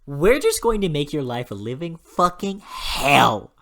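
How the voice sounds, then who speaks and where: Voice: mid-range voice, big pitch swings, unhurried, a bit bright. Spiteful fairies making sweet threats, as a reviewer puts them on. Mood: mock-soothing.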